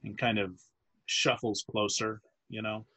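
A man narrating as game master of a tabletop role-playing game, halting and restarting, with many fillers. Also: on the low side, little pitch movement, pushed and bright, rough recording. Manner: halting, full of fillers and restarts, laughs often.

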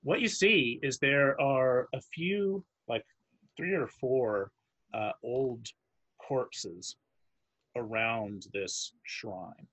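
Slow husky game master. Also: male voice, mid-range voice, a bit bright. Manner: halting, searching for words while describing scenes. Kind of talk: narrating a tabletop game.

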